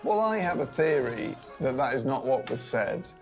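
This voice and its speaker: Drunk man, gravelly rough voice, rambling storytelling, faint music behind. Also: mid-range voice, big pitch swings, moderate pace. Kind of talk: drunken comic retelling of history.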